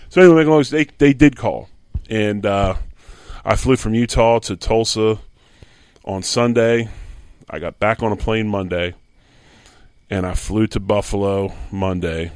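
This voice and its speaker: A man's voice, sitting a little low, recorded dry with no room sound. He is a middle-aged guest from Philadelphia spinning an anecdote, acting out each line of dialogue. It is a casual, animated story. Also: moderate pace, dry recording. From Philadelphia, USA. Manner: animated storyteller who acts out quoted dialogue. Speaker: guest, former pro football lineman.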